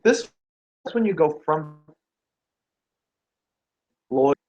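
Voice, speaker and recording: A man's voice: fairly high pitch, lively intonation, very slow, lo-fi sound. A man giving a motivational talk on branding and sales, asking the listener rhetorical questions and acting out quoted reactions. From Nordic.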